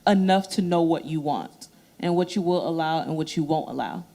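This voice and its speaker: A woman speaking as a panelist in a church discussion, lively, acting out bits of dialogue as she explains. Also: deep voice, moderate pace.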